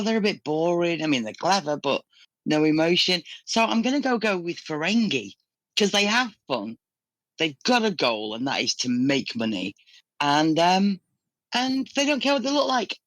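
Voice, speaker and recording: Playful woman with a lively voice. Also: on the low side, normal speed, dry recording. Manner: hesitant, playful, thinks aloud. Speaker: podcast panellist. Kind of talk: casual panel chat.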